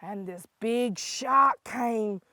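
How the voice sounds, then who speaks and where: An older woman from South Australia tells a story for children in an Aboriginal Australian English accent. Her voice sits on the high side. She shifts between hushed, quiet passages and lively, excited calls. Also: very slow, very noisy.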